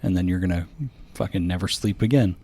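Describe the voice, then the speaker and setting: A man's voice: deep voice, steady tone, brisk, warm tone. A man hosting a podcast in casual chat, joking and teasing his co-host. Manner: joking, teasing, reads sponsor spots.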